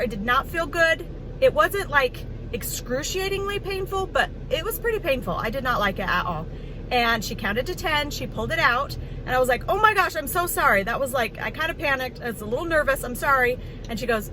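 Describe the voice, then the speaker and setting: Chatty woman vlogging over traffic noise. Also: fairly high pitch. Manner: chatty, expressive, many fillers. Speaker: nursing home worker. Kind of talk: casual vlog storytelling.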